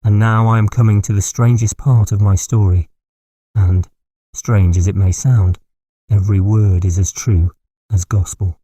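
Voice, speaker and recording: A man voicing a nervous, talkative Irish gentleman who tells a dark story in a confiding, dramatic way. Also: fairly low pitch, steady tone, unhurried, slightly rough, no echo, studio quality. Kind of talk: audiobook character voice.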